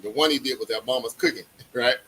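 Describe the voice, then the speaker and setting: A man's voice: mid-range voice, quick pace, a bit bright, a little hiss or hum, rough recording. A man hosting a livestream in casual chat, laid-back and slangy, laughing often. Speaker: livestream host.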